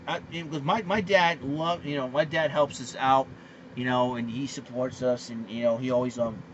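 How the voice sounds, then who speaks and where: A man ranting in a casual monologue, animated and exasperated, full of fillers and restarts. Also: a little high. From Boston area. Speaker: vlogger. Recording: slightly muffled lo-fi recording with faint background noise.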